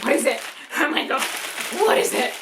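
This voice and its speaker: A young woman in an unboxing vlog, gushing and excitable, swearing often as she opens gifts. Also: high voice, normal speed, noisy background. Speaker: YouTuber.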